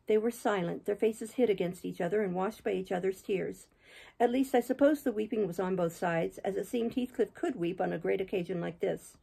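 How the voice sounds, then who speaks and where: A woman reading a classic novel aloud in a steady, measured manner. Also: mid-range voice, gravelly, breathy edge, rough recording. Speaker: reader, channel host. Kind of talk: audiobook reading.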